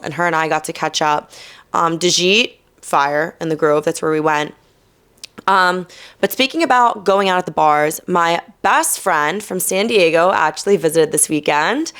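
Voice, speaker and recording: A young woman from New Jersey hosting a podcast, telling a night-out story in a casual, animated way, swearing and quoting people with sass. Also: on the low side, moderate pace, smooth. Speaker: podcast host.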